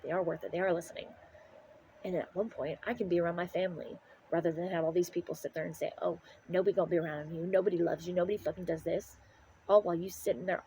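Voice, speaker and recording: A woman's voice: lowish voice, darkish tone, slight background noise, poor audio. A middle-aged woman ranting to the camera in an angry, profane, preaching way. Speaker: vlogger.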